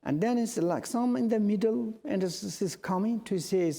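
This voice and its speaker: Male Buddhist teacher, Tibetan native speaker, halting English, fairly high voice, warm tone, long hall reverb. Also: gravelly. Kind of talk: storytelling dharma teaching.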